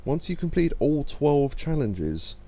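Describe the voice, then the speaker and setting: A man's voice: on the high side, big pitch swings, slow pace, mellow. A man chatting casually while streaming a video game, reading out chat messages and joking at his own expense. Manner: chatty, self-deprecating, reads chat aloud. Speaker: gaming streamer. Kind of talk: casual let's play commentary.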